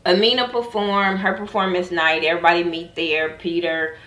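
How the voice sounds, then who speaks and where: A woman's voice: on the low side, little pitch movement, moderate pace, fairly bright tone, distant mic. A woman giving a blunt, profane casual vlog recap of a TV show, often trailing off with asides. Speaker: TV show reviewer. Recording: echoey room, voice off-mic.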